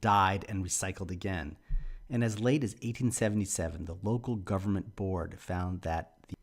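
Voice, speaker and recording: A man with a very deep, low voice narrates a recorded lecture over slides. He explains in a measured, steady way, close to the mic. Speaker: instructor.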